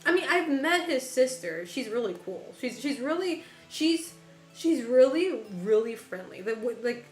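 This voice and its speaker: A woman's voice: sits high, big pitch swings, unhurried. A woman streamer chatting casually with her viewers while gaming, laughing often and swearing casually. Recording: roomy echo with faint music behind.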